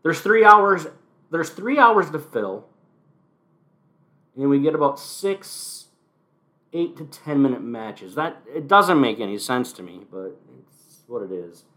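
Lively, wry man recapping wrestling. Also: medium pitch, takes it slowly. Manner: wry, sarcastic asides. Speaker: podcast host. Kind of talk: casual solo wrestling recap.

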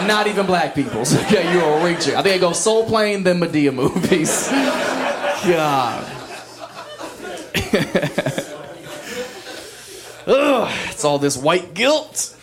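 A man's voice: high-pitched, sing-song, slow pace, pauses often. A man doing a brash, profane stand-up routine, teasing the crowd from a large theater stage. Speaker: stand-up comedian. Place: large theater stage before a live audience. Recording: loud crowd laughter and noise.

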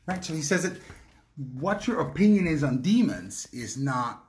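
A man's voice: a little high, very animated, moderate pace. A man co-hosting a podcast, explaining in casual talk with frequent fillers and restarts. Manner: hesitant, many fillers and restarts. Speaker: podcast co-host.

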